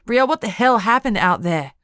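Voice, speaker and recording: A woman's voice: medium pitch, normal speed, dry recording, natural voice. A woman voicing a fierce young woman friend who talks bluntly and sharply. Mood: scolding. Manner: sharp, scolding, then firmly caring.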